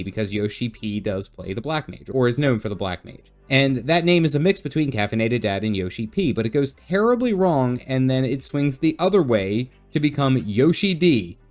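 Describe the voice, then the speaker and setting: Jokey man recapping his game stream. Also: medium pitch. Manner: jokey, goofy voices when quoting characters. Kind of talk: casual game recap narration.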